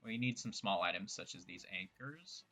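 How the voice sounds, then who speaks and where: A man's voice: low voice, animated, normal speed, pushed and bright, soft background music. A young man giving loose, joking commentary while playing a game, rambling and poking fun at his own words. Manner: rambling, joking, self-mocking asides. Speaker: gameplay streamer. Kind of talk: casual gameplay commentary.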